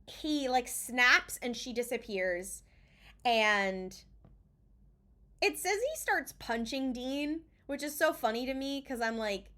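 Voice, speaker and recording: A woman co-hosting a podcast, recapping an episode in a casual, animated way and acting out the characters' lines, swearing freely. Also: fairly high pitch. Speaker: podcast co-host.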